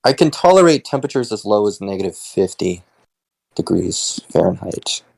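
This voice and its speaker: A man's voice: lowish voice, sing-song, normal speed, gravelly, darkish tone, dry recording, low-quality recording. A man playing in a tabletop game, chatting casually with laughing asides. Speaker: player. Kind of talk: casual chat.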